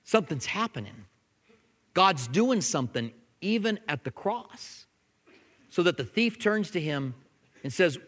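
Preaching man in a reverberant church. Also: a little high. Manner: conversational preaching, dropping to soft intense tones. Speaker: pastor. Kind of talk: sermon.

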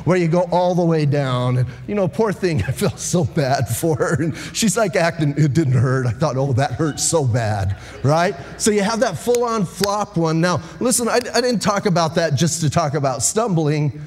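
A man delivers an evening sermon in a high, light voice, chatty and animated as he draws his congregation in. His words ring out with a long hall reverb around them. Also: moderate pace, few pauses. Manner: animated, conversational preaching with asides to the congregation. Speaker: pastor. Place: church sanctuary.

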